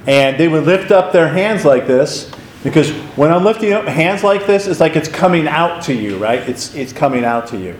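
A man teaching a Bible study as a pastor, conversational and animated, telling stories with asides. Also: on the high side, normal speed, few pauses, reverberant, slight background noise, rough recording.

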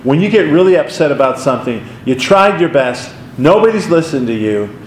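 Pastor teaching in an echoey room. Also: male voice, on the high side, a little fast, slight background noise. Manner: conversational, animated storytelling with asides. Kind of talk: Bible study teaching.

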